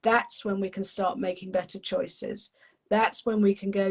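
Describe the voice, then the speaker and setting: A woman, a parenting coach, explaining calmly in an animated, friendly conversational way. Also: medium pitch, unhurried, husky, poor audio. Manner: animated, acts out little voices, friendly teaching tone.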